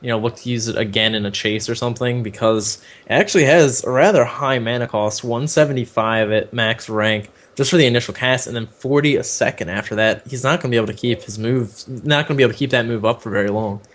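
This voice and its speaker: A man's voice: medium pitch, quick pace, few pauses, a bit bright. Man chatting casually about a game. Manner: thinks aloud, searching for names with fillers. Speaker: podcast co-host. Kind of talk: casual gaming chat.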